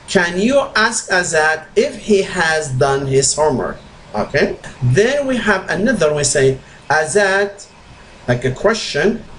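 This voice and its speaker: A male English teacher explaining grammar step by step, slow and repetitive, with non-native slips in his phrasing. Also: on the high side, slight background noise, low-quality recording. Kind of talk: grammar lesson.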